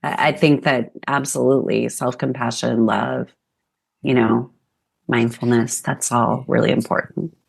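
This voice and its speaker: A woman's voice: a bass voice, flat delivery, a little slow, creaky, husky. A middle-aged woman therapist, a guest on a podcast, talking reflectively and telling stories from her childhood. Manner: reflective, warm storytelling. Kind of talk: podcast interview conversation.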